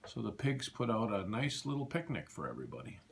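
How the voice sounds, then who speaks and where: A man reading a children's picture book aloud in an animated, sing-song storytelling manner. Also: fairly low pitch, brisk, creaky, slight background noise.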